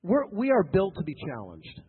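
A man's voice: high-pitched, huge pitch swings, moderate pace, slightly rough. A man preaching a sermon to a congregation, emphatic and repetitive, with joking asides. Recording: tinny lo-fi sound with long hall reverb.

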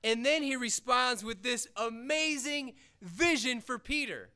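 A man with a very high, bright and crisply clear voice preaches to a young audience. He retells old stories in plain everyday words, earnest and conversational. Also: unhurried. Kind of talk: casual sermon retelling scripture.

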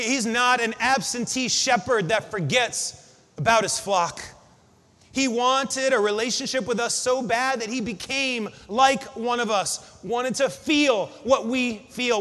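A man preaching a sermon to his congregation, building up to shouted refrains. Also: very high voice. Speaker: pastor. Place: church sanctuary. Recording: long hall reverb.

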